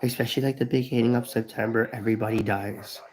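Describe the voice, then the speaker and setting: A man's voice: mid-range voice, fairly even intonation, fast talker, darkish tone, poor audio. A man in his thirties talking to viewers on a live stream, grieving, rambling and swearing as he repeats himself. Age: 30s. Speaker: vlogger. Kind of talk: emotional live stream talk.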